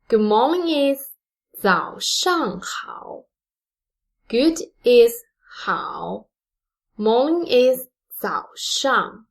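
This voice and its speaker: A woman teaching a beginner lesson, speaking slowly and deliberately and drawing out example words. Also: on the high side. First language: Mandarin Chinese. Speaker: Chinese language teacher. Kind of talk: slow, careful language lesson.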